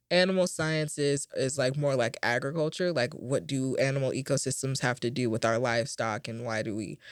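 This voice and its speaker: A woman's voice: rumbling low, no room sound, studio quality. Tired, rambling young woman podcaster. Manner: rambling and upbeat, with many fillers. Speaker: podcast host. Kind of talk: casual chat.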